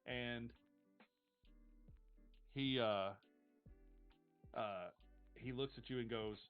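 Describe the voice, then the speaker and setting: A man runs a tabletop game, describing scenes in an easy, filler-heavy way. His voice sits in a middle pitch and comes through thin and phone-like, with faint music underneath. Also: extremely slow, pauses often, clear, resonant tone. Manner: relaxed, many fillers. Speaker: game master. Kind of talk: narrating a tabletop game on a live stream. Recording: tinny lo-fi stream audio, faint music.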